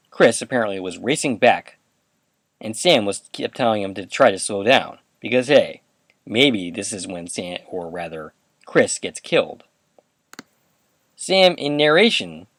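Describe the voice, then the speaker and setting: A man hosts a rewatch podcast and retells an episode in a casual, chatty way. His pitch rises and falls a lot as he quotes the characters. The sound is close and dry, with no room echo. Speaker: podcast host. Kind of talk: episode recap commentary.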